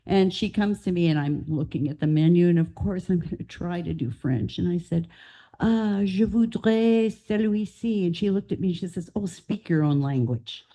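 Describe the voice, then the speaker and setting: A woman telling funny restaurant anecdotes to a club meeting in a lively, playful way. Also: low voice, creaky. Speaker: club member.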